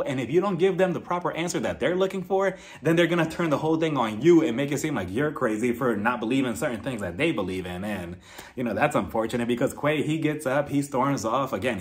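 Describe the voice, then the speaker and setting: A man giving a casual, candid recap of a reality TV episode, chatty and outspoken, with frequent swearing and laughter. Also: medium pitch. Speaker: reality TV reviewer.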